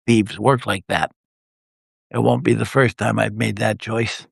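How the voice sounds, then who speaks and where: A man reading his own first-person adventure story aloud on a live stream, telling it in a steady way. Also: lowish voice, measured pace, vocal fry, breathy edge, no echo, clean studio sound.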